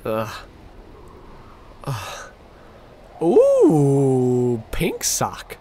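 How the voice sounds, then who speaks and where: A man's voice: mid-range voice, huge pitch swings, drawn-out words, dark tone, a little hiss or hum. A man streaming a horror game, reacting with jumpy outbursts and constant swearing. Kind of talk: horror game let's play commentary.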